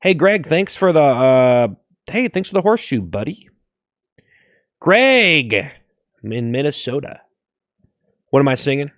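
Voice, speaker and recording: A man's voice: a little high, big pitch swings, unhurried, pauses often, no echo, clean studio sound. A man streaming live, reading out viewer gifts and improvising goofy joke songs. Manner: silly, improvising goofy song lyrics. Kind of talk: improvised joke singing on a livestream.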